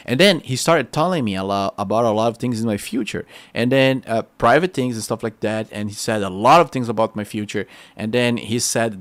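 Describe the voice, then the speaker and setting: Excitable Brazilian-accented man preaching. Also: fairly low pitch, brisk, few pauses, no echo. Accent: Brazilian Portuguese. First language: Portuguese. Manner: excitable, animated storytelling with quoted dialogue. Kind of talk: testimony sermon.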